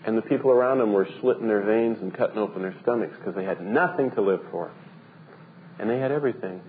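A man preaching a sermon, swinging between emphatic high peaks and quiet, soft drops. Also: quick pace. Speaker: pastor. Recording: tinny phone-like band, faint noise.

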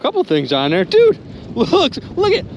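An excitable man narrates his magnet fishing finds from a boat on a river, talking straight to his viewers. His pitch swoops widely as he exclaims over each catch, and boat and water noise is clearly heard behind him. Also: normal speed. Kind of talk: excited outdoor vlog narration.

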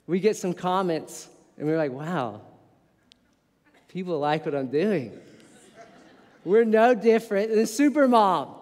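A man in his thirties preaching a sermon as pastor, telling stories in a lively way and poking fun at himself. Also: high voice. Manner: animated storytelling with playful self-mockery. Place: church sanctuary. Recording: long reverb of a church hall.

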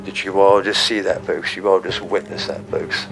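Deep-voiced man pleading with a spirit. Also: fairly even intonation, moderate pace, vocal fry, over music. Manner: pleading and repeating himself. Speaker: paranormal investigator. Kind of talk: casual talk to viewers and spirit. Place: at home indoors.

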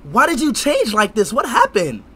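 Young male streamer, very high voice, wildly swinging pitch, loud teasing, shouting. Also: huge pitch swings, moderate pace, husky. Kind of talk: loud casual game-stream banter.

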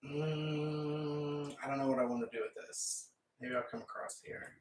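A man's voice: fairly high pitch, steady tone, unhurried, very noisy. A man chatting casually and rambling as he paints, with frequent laughs. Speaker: painting vlogger. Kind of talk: casual chat while painting. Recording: echoey room, mic far off.

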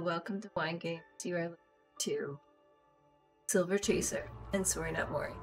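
A woman's voice: fairly low pitch, fairly bright tone. A woman hosting a casual chat, joking at her own expense and tripping over words. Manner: jokey, self-deprecating, trips over words. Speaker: host and gamer.

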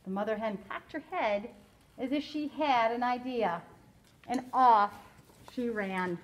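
A woman teacher reading a picture book aloud to children, animated, stopping to explain and ask questions in a classroom. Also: fairly high pitch, slow pace, rough recording.

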